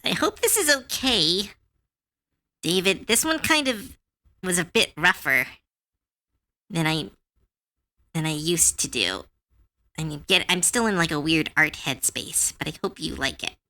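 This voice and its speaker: A woman streamer chats casually while drawing on a live art stream. Her voice sits a little low but swings widely in pitch, with a bright, sharp edge. She rambles in an animated way, full of fillers and restarts. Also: measured pace, pauses often. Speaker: artist streamer.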